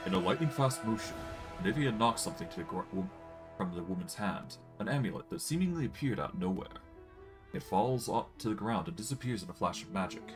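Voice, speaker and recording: A man's voice: on the low side, brisk, over music. A man streaming a fantasy role-playing game, casually thinking aloud and narrating the game's text. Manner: relaxed, thinking aloud with fillers.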